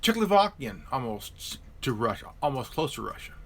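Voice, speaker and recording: Halting, bright-voiced man chatting politics. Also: mid-range voice, sing-song, vocal fry. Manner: halting, many repeated words and restarts. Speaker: live stream host. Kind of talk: casual political chat.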